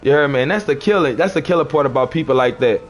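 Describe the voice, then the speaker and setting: A man's voice: medium pitch, quick pace. A man on a livestream, arguing with chat commenters in a preachy, confrontational way and repeating his phrases.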